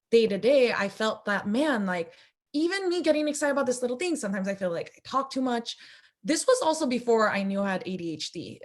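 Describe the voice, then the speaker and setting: A young adult woman speaking as a filmmaker guest in a casual interview, chatty and animated, her voice gone squeaky from a lot of talking. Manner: chatty, animated, quick asides.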